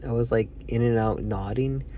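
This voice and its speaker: A man's voice: medium pitch, moderate pace, warm tone, muffled recording, slight background noise. Sleepy man rambling through a movie review. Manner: meandering, lots of fillers and self-corrections, acts out quotes. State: sleepy, yawning.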